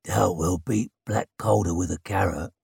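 A man voicing a taciturn, grizzled gray-haired warrior who speaks tersely and quietly. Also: deep voice, moderate pace, creaky, breathy edge, dry recording, studio quality, voice pushed down, heavily acted. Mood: dry.

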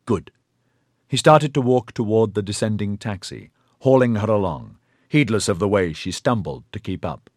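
Male narrator, audiobook, deep voice, lively intonation, dry studio sound. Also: normal speed, no room sound. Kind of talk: scripted narration of a sci-fi novel.

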